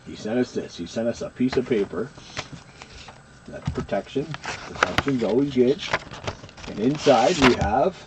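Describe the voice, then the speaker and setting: A man's voice: medium pitch, lively intonation, measured pace, long pauses. A man co-hosting a casual chat, rambling and friendly with lots of fillers. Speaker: co-host of a card collecting channel. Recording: muffled lo-fi with faint hiss.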